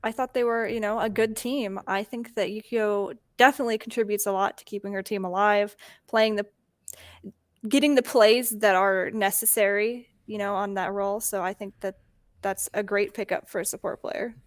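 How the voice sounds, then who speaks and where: A woman's voice: medium pitch, fairly even intonation, moderate pace, dry recording, studio quality. A woman co-hosting a casual esports podcast, hesitant and filling her talk with ums and yeahs. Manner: hesitant, many fillers, giggly. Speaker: podcast co-host, player.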